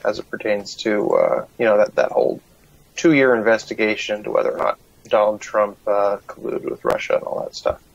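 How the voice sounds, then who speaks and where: Gravelly man on a lo-fi call line. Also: on the low side, steady tone, normal speed, no echo. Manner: hesitant, many fillers and restarts. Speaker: podcast co-host. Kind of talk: casual live-stream chat. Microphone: remote call over a bad connection. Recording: dull lo-fi internet call audio.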